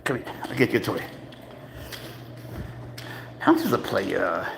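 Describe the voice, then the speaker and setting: A man's voice: fairly low pitch, huge pitch swings, slow, creaky, noisy background. A man hosting a casual live stream, talking playfully and coaxingly to his pet cat and calling it bro. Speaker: pet owner and channel host.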